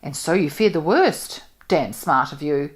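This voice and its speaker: A woman reader brings to life a middle-aged village spinster who booms her opinions in a brisk, complacent way. Her low voice leaps about in lively swings as she gossips. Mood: blunt, gossipy.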